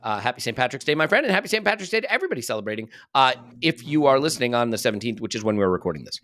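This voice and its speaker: A man's voice: medium pitch, very animated, rapid-fire, fairly bright tone, no room sound. American guy hosting a podcast, rambly and jokey about himself, dry close mic. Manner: chatty, rambling with self-deprecating asides. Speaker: podcast host. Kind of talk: casual podcast chat.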